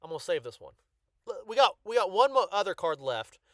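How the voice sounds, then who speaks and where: A man with a fairly high voice talks casually and excitedly about his collection, stumbling over restarts and filling pauses with ums. The sound is dry and close, with no room around it. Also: no room sound. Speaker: card collector YouTuber.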